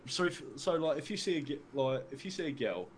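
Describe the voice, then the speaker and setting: A man's voice: fairly high pitch, expressive, a little fast. A young man with an English accent chatting casually, rambling and filling his talk with "like" and the odd swear word. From England. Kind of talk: casual chat.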